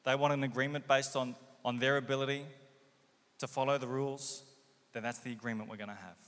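A man's voice: medium pitch, steady tone, brisk, a bit bright. A man preaching a sermon, asking rhetorical questions and acting out the quoted voices of the people he describes. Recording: long hall reverb.

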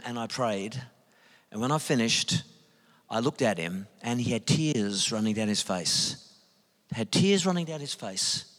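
An Australian man, a Christian speaker, telling lively anecdotes in a sermon and acting out the dialogue. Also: on the high side. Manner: animated anecdotes, acts out dialogue. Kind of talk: sermon storytelling. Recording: long hall reverb.

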